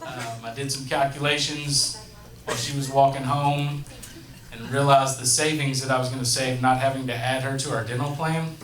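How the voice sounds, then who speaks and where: A man's voice: medium pitch, steady tone, normal speed, fairly bright tone. A man in his thirties hosting a stand-up set in a comedy club, telling profane, conversational stories on a handheld mic. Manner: profane, conversational storytelling with crowd asides. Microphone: handheld stage microphone. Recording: echoey club room with crowd. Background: audience laughter.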